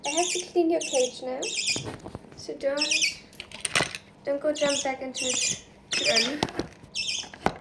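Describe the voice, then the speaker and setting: A woman's voice: high-pitched, steady tone, measured pace, pauses often. A woman on a casual pet vlog, talking in cooing baby talk to her bird. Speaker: vlogger. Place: home with pet birds. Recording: echoey room, mic at a distance, loud noise. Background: budgie chirps.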